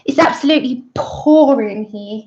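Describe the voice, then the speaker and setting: High-voiced woman chatting on a colouring stream. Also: moderate pace, darkish tone. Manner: chatty, greets viewers by name, scatterbrained asides. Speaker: livestream host colouring. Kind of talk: casual livestream chat. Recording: roomy, dull lo-fi sound.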